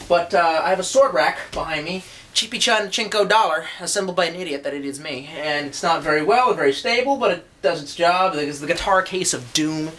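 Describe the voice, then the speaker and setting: A man's voice: high-pitched, a bit bright. A young man rambling casually through a sword review from his room, swearing freely and joking at his own expense. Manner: profane, joking, self-deprecating, rambling. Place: room at home, indoors.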